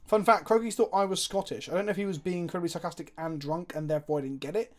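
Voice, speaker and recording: A man's voice: high voice, racing. A man streaming a card game live, chatting casually, swearing freely and answering viewers' chat as he plays.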